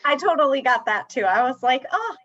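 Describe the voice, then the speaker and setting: Giggly high-voiced woman. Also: sing-song, a little fast, fairly bright tone, dry recording, dull audio. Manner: giggly, chatty. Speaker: guest. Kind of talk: casual chat.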